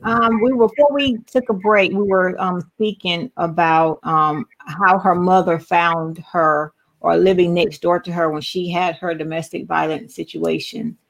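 A woman's voice: lowish voice, fairly even intonation, a little slow, few pauses, rough recording. A woman hosting a talk show, chatting casually with many fillers and asides. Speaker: host.

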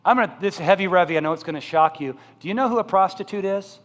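A male pastor with a high voice delivers a sermon in a church sanctuary, his words trailing off into long hall reverb. He swings between loud, emphatic build-ups and soft, slow pleas, often asking the congregation questions. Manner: talks directly to the congregation with questions.

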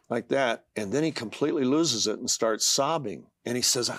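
A man's voice: mid-range voice, animated, fast, hardly any pauses, a bit bright, no echo. Older guy on a talk show, earnest and emphatic, dry close sound, keeps reading out verses. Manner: earnest, emphatic, reads scripture passionately. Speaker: author guest. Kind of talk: interview.

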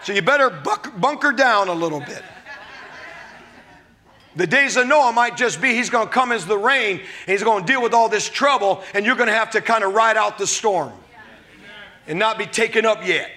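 A man with a high, bright, cutting voice preaches a sermon. He is animated, throws rhetorical questions at his listeners and acts out little quotes. He laughs at his own jokes as he goes. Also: moderate pace. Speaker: pastor.

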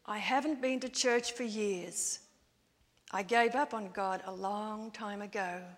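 A woman's voice: mid-range voice, unhurried, natural voice. A lonely widow's testimony, as a woman preacher tells it. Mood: confessional. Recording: long church-hall reverb.

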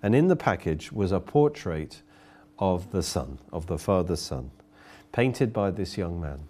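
A man's voice: low-pitched, animated, measured pace, mellow. A man preaching a sermon, telling a story earnestly and often repeating words as he goes.

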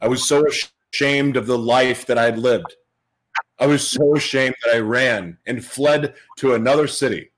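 A man giving a personal testimony speech to an audience, earnest and emotional, repeating phrases for emphasis and dropping to a hush at tender moments. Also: medium pitch, moderate pace, poor audio. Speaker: motivational speaker sharing his life story.

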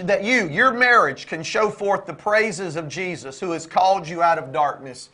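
A man co-hosting a Christian marriage show, talking in an exhorting, preaching style that repeats key phrases and builds toward near-shouts. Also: sits high, normal speed, few pauses.

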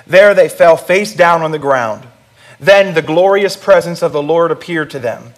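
A man's voice: fairly high pitch, moderate pace. Man preaching in a conversational sermon. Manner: conversational preaching with audience prompts. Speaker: pastor.

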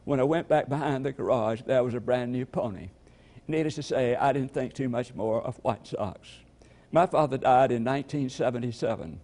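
An older man from Georgia preaches in an unhurried storytelling cadence. His voice is gravelly, with a mid-range pitch for a man. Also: darkish tone. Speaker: pastor. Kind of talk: sermon.

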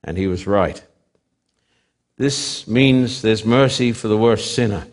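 Preaching in a fairly low voice, a man lets his sermon rise to loud emphasis and sink to hushed drops, keeping his phrasing slow, deliberate, and repetitive.

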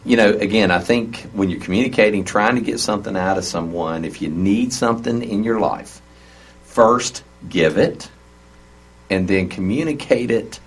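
A man with a very low voice hosts a relaxed talk show about relationships. He is middle-aged and talks in halting bursts, full of false starts. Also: breathy edge. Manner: halting, many restarts.

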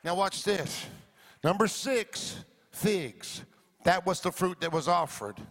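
A woman's voice: lowish voice, lively intonation, takes it slowly. A woman pastor preaching a sermon in a church, leading the congregation in emphatic call-and-response with a sing-song cadence. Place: church sanctuary.

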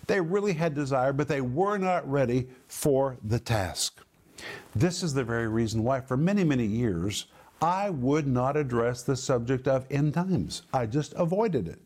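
A middle-aged man preaching a sermon, teaching word meanings with emphatic, drawn-out stresses. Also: mid-range voice, expressive, a little mellow. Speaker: pastor, Bible teacher.

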